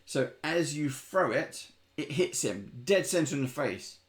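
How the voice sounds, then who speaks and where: A man running a tabletop game on a livestream, giving brisk rulings and thanking viewers. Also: on the high side, lively intonation. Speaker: game master.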